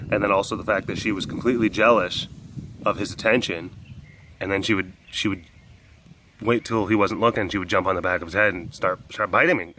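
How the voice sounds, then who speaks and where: An animal sanctuary keeper with a fairly low voice rambles through stories while out on a walk, laughing often. It's casual vlog talk, animated and loose, with slight background noise.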